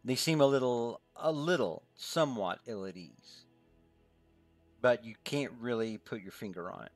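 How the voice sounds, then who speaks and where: A man narrating as game master of a tabletop game, in a measured, relaxed way with many small pauses. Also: medium pitch, no room sound, soft background music.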